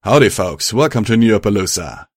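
Loud folksy pony guard, a man doing it, low and dry. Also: lively intonation, fairly quick, no room sound. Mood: friendly. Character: gruff male pony town guard, friendly once at ease.

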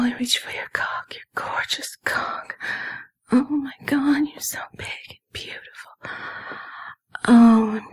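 A woman in a whispered role-play, speaking in a breathy, intimate whisper broken by soft moans. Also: on the high side, poor audio. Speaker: erotic audio narrator.

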